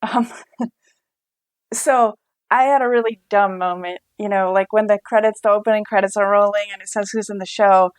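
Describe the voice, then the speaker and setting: A woman's voice: mid-range voice, steady tone, moderate pace, dry recording. A woman co-hosting a podcast in casual chat, talking frankly and filling her sentences with "like". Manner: chatty, frank, many filler likes. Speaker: podcast co-host.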